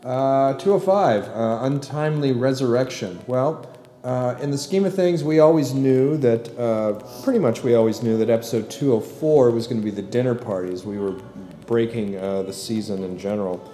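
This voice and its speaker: A middle-aged man hosting a casual commentary podcast, relaxed and rambling with plenty of fillers. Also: medium pitch, moderate pace, reverberant. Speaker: podcast host and producer.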